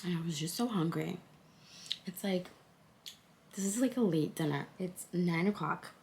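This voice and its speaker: A woman's voice: on the low side, moderate pace, vocal fry, a little mellow, a little hiss or hum. A woman in her thirties chatting casually to her phone camera for a home vlog, full of fillers like "like" and "so yeah". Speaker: vlogger.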